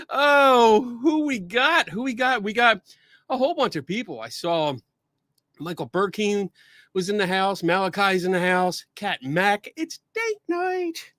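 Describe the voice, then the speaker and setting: A male podcast host chatting casually on a livestream, excitable, laughing often and swearing casually, a bit out of breath. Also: sits high, measured pace, long pauses, no echo, clean studio sound. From Buffalo, New York.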